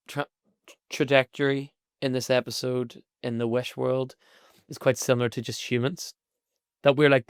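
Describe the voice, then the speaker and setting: A playful, jokey man co-hosting a casual podcast chat. His voice is smooth and clear, sitting in a middle register. The sound is dry and close, with no room around it. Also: medium pitch, fairly bright tone, no room sound. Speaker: podcast co-host.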